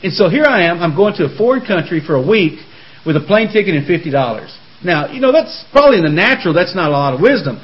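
A man hosts a Christian talk show, racing through his stories with the energy of a preacher. His voice sits a bit high and moves quickly. The studio recording sounds dull and lo-fi. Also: big pitch swings. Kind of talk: lively preaching conversation.

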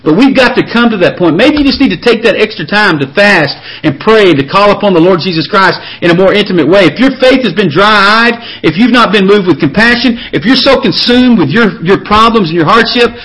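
A man's voice: sits high, animated, fairly quick, few pauses, fairly bright tone, rough recording. A man preaching an impassioned sermon, reading scripture and often repeating words as he builds up. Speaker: pastor.

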